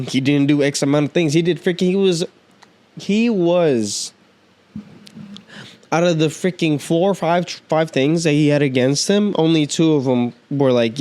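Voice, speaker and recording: Man, podcast host, casual rant, heated and profane, slangy, slightly high voice, dry close sound. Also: a little mellow, no room sound. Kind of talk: casual ranting monologue.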